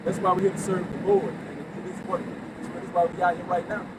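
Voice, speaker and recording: A man with a fairly high voice preaches outdoors, firing rhetorical questions and answering them with emphasis. Traffic and city noise run clearly behind him. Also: flat delivery, a little fast. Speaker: street preacher.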